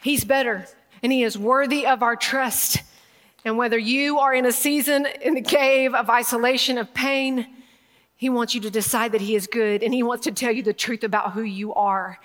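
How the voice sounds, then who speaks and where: A woman preaching a sermon in an emotional, emphatic way, laughing and pausing as she speaks. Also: a little high, fairly bright tone. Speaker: speaker at a women's gathering. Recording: long hall reverb.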